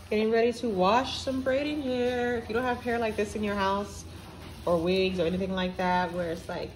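Woman, chatty vlogger, talks to viewers, mid pitch, roomy echo. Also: darkish tone. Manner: chatty, talks to viewers while doing her hair. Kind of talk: casual vlog chat. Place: at home indoors. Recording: echoey room, faint background noise.

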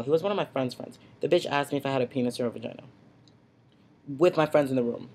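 A man's voice: mid-range voice, darkish tone. A man ranting in a casual, sassy vlog, talking bluntly into his computer's webcam at home. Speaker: vlogger. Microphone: built-in computer webcam mic.

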